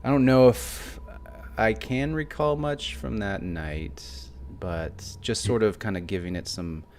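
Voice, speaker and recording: Slow, halting deep-voiced male player. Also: a little mellow, a little hiss or hum. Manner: hesitant, halting, with many fillers. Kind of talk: in-character tabletop role-play.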